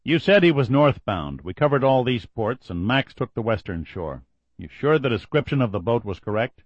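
A man playing a gruff, tired Coast Guard petty officer with a growling, blunt delivery. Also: medium pitch, very animated, normal speed, no echo, lo-fi sound. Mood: questioning.

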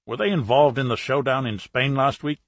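Calm, probing male spy in a put-on British working-class accent, voiced by a male narrator, husky and a bit raised. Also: medium pitch, moderate pace, no room sound, natural voice.

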